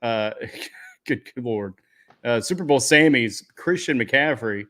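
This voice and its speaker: A man co-hosting a fantasy football podcast, laid-back and unhurried, with lots of filler words. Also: medium pitch, lively intonation, bright, forceful tone. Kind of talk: casual sports chat.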